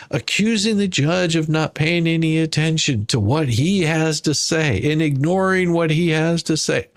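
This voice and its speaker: Gravelly sarcastic man mocking court filings. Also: fairly high pitch, no room sound, studio quality. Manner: sarcastic, scoffing, mimics whiny voices. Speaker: YouTube legal commentary streamer. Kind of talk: mocking live-stream commentary on court filings.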